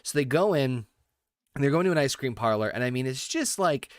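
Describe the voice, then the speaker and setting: A man's voice: mid-range voice, lively intonation, brisk, dry recording, studio quality. A man hosting a casual comedy podcast, rambling and swearing, often exasperated at what he is covering. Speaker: podcast host.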